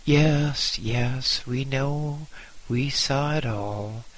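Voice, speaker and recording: A man's voice: medium pitch, extremely slow, low-quality recording. A man voicing a kindly old lama who speaks in a soothing, reassuring way.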